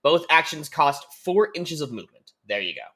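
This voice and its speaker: A man's voice: on the high side, very animated, normal speed, fairly bright tone. A man playing a tabletop wargame as a guest, chatting casually, laughing often and swearing for comic effect.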